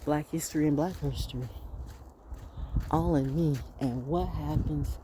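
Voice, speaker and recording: A woman's voice: sits low, unhurried, warm tone, slight background noise. A woman in her sixties musing in a rambling, reflective monologue outdoors, often asking rhetorical questions. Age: 60s. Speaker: vlogger. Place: outdoors by a fenced yard with dogs.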